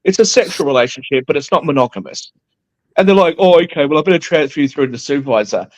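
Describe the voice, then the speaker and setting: Fast-talking ranting man. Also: on the high side. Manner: animated ranting storyteller, mimics callers. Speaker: co-host. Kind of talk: casual panel chat.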